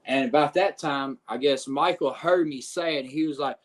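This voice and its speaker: A man telling a backstage wrestling story on a podcast, animated and profane, acting out what others said. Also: on the high side, moderate pace. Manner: profane, animated retelling with quoted voices. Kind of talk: casual storytelling.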